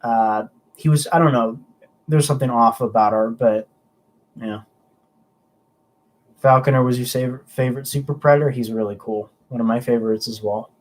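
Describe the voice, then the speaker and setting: Young dude on a livestream, rambly and chatty, keeps restarting sentences, reading chat. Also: male voice, mid-range voice, moderate pace, pauses often. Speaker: livestream host. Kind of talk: casual livestream chat reading viewer comments.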